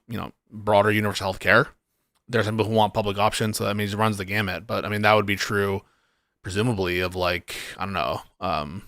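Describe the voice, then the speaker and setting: A man's voice: fairly low pitch, fairly bright tone, dry recording, clean studio sound. A man hosting a livestream debate, hesitant and questioning, with occasional casual swearing. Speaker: streamer host.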